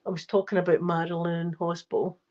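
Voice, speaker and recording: A woman's voice: fairly low pitch, level tone, fairly quick, noisy background. An older woman with a Scottish accent, chatting cheekily at home while short of breath. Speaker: channel host. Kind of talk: casual chat. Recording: slightly dull lo-fi recording.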